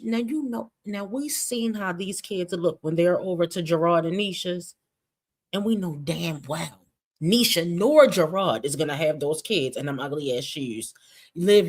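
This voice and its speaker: A woman's voice: on the low side, animated, moderate pace, a little mellow, husky. A woman streamer giving sarcastic, gossipy commentary on clips she plays. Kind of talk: reaction commentary.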